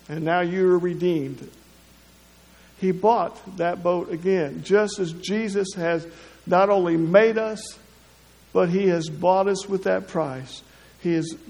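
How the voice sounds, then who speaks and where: A man preaching a sermon, halting, with many restarts and repeated words. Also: a little high, gravelly. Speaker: pastor. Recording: long hall reverb.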